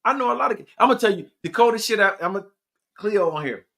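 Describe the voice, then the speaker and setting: A podcast host man talking in a casual, profane and preachy way, with sudden loud outbursts. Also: high-pitched, animated, quick pace, gravelly. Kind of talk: casual live podcast chat.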